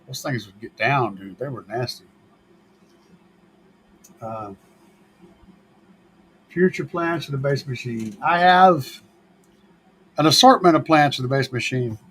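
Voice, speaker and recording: A man's voice: mid-range voice, expressive, slow, pauses often, a bit bright, slight background noise, poor audio. A man hosting a car audio show, chatting casually and answering viewer questions in a laid-back, joking manner and swearing freely.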